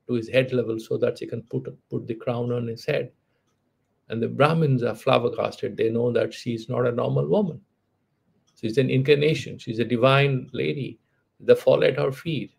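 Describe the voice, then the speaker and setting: Gravelly, husky male storyteller. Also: mid-range voice, moderate pace, darkish tone. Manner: conversational, with frequent "you know" fillers and restarts. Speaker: spiritual teacher. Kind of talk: storytelling lecture on philosophy.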